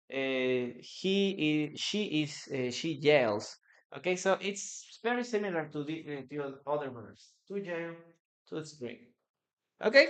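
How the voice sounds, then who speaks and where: In a mid-range, fairly bright voice, an English teacher who grew up speaking Spanish runs a live online lesson. The pace is slow, with frequent hesitations and phrases said over again.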